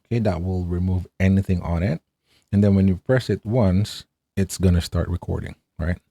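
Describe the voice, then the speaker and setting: A man with a low, mellow voice talks through a product review in a loose, upbeat way. He tosses in fillers and keeps asking "right?". The sound is dry and close. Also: moderate pace, vocal fry, no room sound. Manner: chatty, enthusiastic, fillers and rhetorical "right?". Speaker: tech reviewer.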